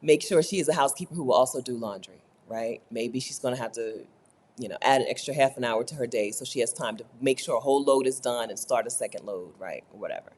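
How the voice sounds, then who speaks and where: A woman talking casually to camera in a chatty, animated way, often tagging her sentences with "right?". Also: extremely low pitch, fast talker, slightly rough. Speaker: vlogger. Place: rented apartment.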